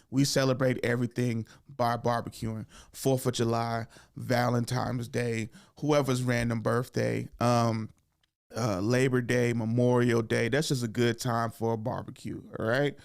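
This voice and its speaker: A young man, a comedian and podcast host, telling a comic story and acting out his relatives in high, loud voices. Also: vocal fry. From Oakland area, California.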